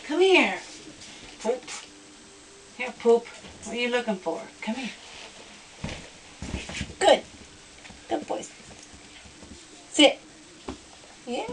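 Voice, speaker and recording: A woman's voice: on the high side, big pitch swings, slow, pauses often, a bit bright, a little hiss or hum. A woman training her young puppy at home indoors, giving short commands and cheerful sing-song praise as she coaxes it. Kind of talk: coaxing talk to a puppy.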